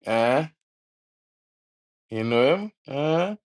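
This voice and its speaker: A man hosts a live football watch-along stream, drawling his words out slowly and letting each jab hang. He teases rival supporters in heavy island slang and shouts his complaints at the referee. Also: medium pitch, lively intonation. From Trinidad and Tobago. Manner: teasing, trash-talking rival fans in local slang; yells at the referee over fouls.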